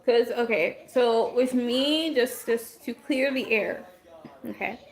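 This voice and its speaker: A woman with a voice a touch higher than most chats casually on a livestream, replying to viewer comments one after another. Her voice is going a little hoarse from talking for a long time, and it comes through a simple built-in mic. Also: slow pace. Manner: chatty, answers viewer comments as they come in. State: losing her voice. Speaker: livestream host.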